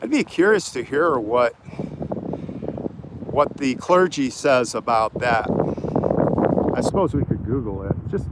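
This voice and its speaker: A man's voice: mid-range voice, lively intonation, measured pace, long pauses. A man walking through a cemetery outdoors, chatting on a phone live stream and answering viewer comments as he goes. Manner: talkative, reads viewer comments aloud and answers them. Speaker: vlogger hosting a live stream. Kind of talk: casual live-stream chat while walking. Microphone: phone held while walking. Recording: outdoor phone audio with wind noise.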